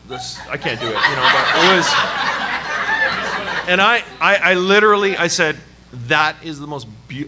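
A man preaching a sermon at a church service, telling a personal story in an animated, joking way. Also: fairly high pitch, background noise. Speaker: pastor. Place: church service before a congregation. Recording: live church hall with crowd. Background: audience laughing and calling out.

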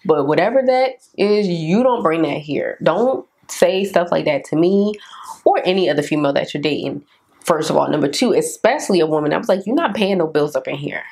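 A young woman vlogger telling a candid storytime about her dating life in a casual, animated way, acting out both sides of the conversation. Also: sits low, fairly quick, gravelly, slightly rough. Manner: candid and animated, quotes others in raised voice. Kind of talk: storytime vlog, casual chat.

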